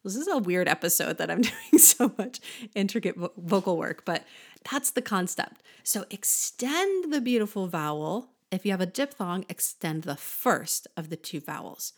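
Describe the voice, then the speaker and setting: A woman's voice: lowish voice, lively intonation, normal speed. A woman hosting a podcast singing lesson, explaining vowels patiently and breaking into short sung examples. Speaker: voice teacher and podcast host.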